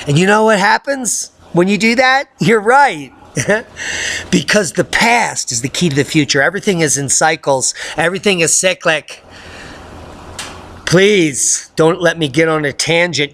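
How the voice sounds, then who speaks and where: This is a man hosting his own weather commentary, who mocks the mainstream forecasters with sarcastic asides. His voice sits high for a man and has a bright, sharp edge. He talks combatively. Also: animated, a little slow. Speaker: weather channel host. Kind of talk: ranting commentary on news.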